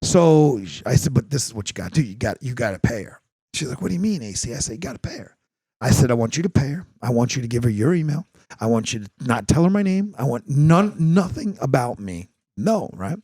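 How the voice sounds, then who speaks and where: A man's voice: medium pitch, lively intonation, fast talker, mellow, husky. A middle-aged man hosting a podcast, telling a story in casual chat, acting out quotes and swearing freely. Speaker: podcast host.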